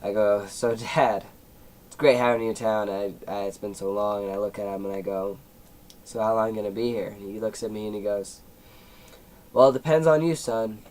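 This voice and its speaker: Rambling through a personal story on his casual vlog, a seventeen-year-old YouTuber uses many fillers and occasionally grows emotional. He talks a little fast in a low, darkish voice with flat delivery, and the recording is rough.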